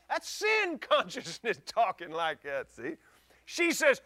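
A male preacher giving a folksy sermon, chuckling often and rising into shouts. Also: extremely high pitch, wildly swooping pitch, measured pace, dry recording, clean studio sound.

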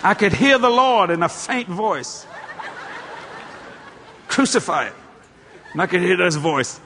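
A man preaching a sermon through a story, acting out the people in it and working up to loud shouts. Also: high-pitched, a little slow, long pauses, a little hiss or hum. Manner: animated, acts out the people in his stories, climbs to shouting.

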